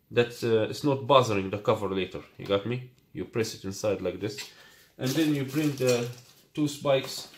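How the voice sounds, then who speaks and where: A man whose first language is Arabic, casually demonstrating and reviewing a scooter in non-native English and often asking "you got me?". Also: mid-range voice. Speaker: product reviewer. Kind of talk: casual unboxing demo. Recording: echoey room, faint noise.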